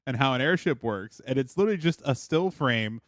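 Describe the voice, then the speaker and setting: A man's voice: mid-range voice, lively intonation, brisk, a bit bright, no echo. A male podcast guest in casual conversation with a middle-range voice. He jokes and laughs through what he says. The recording is dry and close to the mic. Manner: jokey, laughs through his points.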